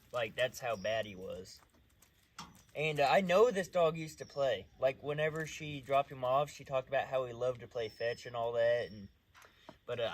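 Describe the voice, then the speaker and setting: A man's voice: medium pitch, slight background noise. A man who trains dogs, talking casually while working a dog outdoors at night, mixing loose explanations with short, firm commands.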